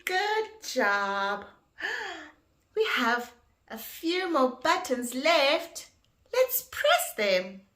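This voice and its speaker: A woman teaching toddlers in a slow, exaggerated, sing-song way, gasping and making animal sounds. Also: high-pitched, sing-song, fairly bright tone. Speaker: children's educator. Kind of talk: toddler learning video.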